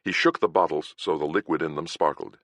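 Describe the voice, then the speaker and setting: A man's voice: very deep voice, brisk, a bit bright, no echo. A man reading a fantasy detective novel aloud in a dry, wry first-person narration. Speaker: audiobook narrator.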